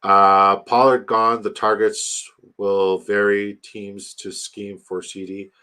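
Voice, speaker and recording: A man hosting a casual fantasy football livestream, animated and swearing freely as he reads viewer comments aloud. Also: lowish voice, slow pace, clear, resonant tone. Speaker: livestream host reading chat.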